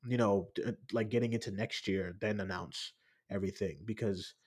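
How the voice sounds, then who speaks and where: A man co-hosting a podcast in casual pop-culture chat, animated and swearing, often laughing as he retells scenes. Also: fairly low pitch, normal speed, breathy edge. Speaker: podcast co-host.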